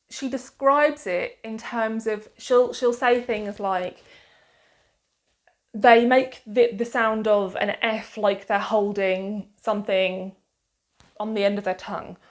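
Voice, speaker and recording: A woman with a Suffolk accent chats about a novel she loved, stopping and restarting her sentences as her enthusiasm runs ahead of her. Her voice sits at an ordinary middle pitch, and she talks casually straight to camera. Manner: chatty, enthusiastic, hedging with frequent fillers and restarts. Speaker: book reviewer. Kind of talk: casual book review to camera.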